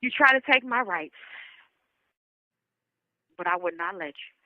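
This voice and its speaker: A woman speaks in an impassioned, rallying way, her voice close to tears as she repeats her calls to stand together. She takes her time, slow and deliberate. The recording is dry and dull, like a lo-fi phone capture. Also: fairly low pitch, animated, no echo. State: emotional, near tears. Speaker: survivor giving a testimonial. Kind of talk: emotional spoken message.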